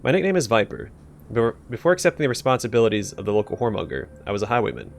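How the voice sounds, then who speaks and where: A man voicing a gruff, irritable middle-aged pimp in a video game, speaking curtly and with dry scorn. His voice moves widely in pitch and has a gravelly edge. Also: sing-song, rapid-fire.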